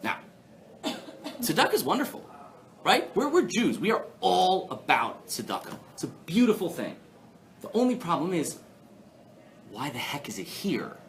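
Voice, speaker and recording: A man's voice: fairly high pitch, a little slow, long pauses. Rabbi guy teaching a class live, voice jumps all over, lotta rhetorical questions, bit of hiss in the room. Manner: animated, rhetorical questions, playful asides. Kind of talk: live Torah class, lively lecture. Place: synagogue hall before an audience.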